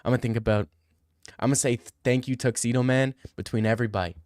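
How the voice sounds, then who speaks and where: A man's voice: medium pitch, steady tone, fast, a little mellow, no echo. A young man livestreaming, answering chat in casual, crude, teasing banter. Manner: joking, teasing, profane.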